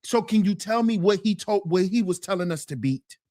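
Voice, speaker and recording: A woman streamer giving a ranting commentary, animated and mocking, repeating her points and laughing through them. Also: mid-range voice, brisk, no echo, studio quality.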